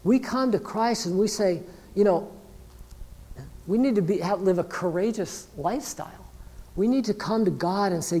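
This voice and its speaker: A man's voice: high voice, moderate pace, long pauses, warm tone. A man preaching a sermon as pastor, earnest and conversational, acting out the voices of imagined believers. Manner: earnest, conversational preaching with frequent "you know".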